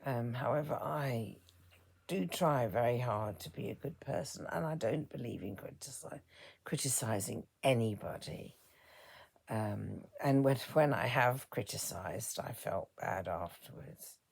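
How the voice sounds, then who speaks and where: A woman in her fifties talks slowly through a personal reflection, soft-spoken and halting. Her voice is very breathy and gravelly with strong vocal fry, and her words keep fading into a whisper. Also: rumbling low, animated. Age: 50s. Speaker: vlogger.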